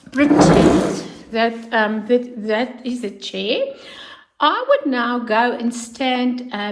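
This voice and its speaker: Middle-aged South African woman, therapist, measured teaching delivery, slightly high pitch. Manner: calm, step-by-step, acts out child and therapist lines. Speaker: play therapist. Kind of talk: instructional explanation.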